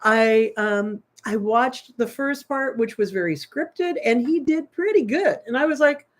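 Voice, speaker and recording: A woman's voice: a little high, lively intonation, unhurried. A woman co-hosting a political talk show, arguing her side emphatically and repeating her point. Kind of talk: casual political debate.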